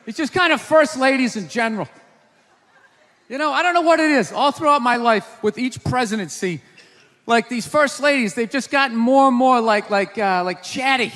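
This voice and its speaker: A man doing a stand-up comedy set on a stage before a live audience, ranting and often shouting his punchlines. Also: very high-pitched, moderate pace. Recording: live show hall with crowd noise. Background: audience laughter and murmur.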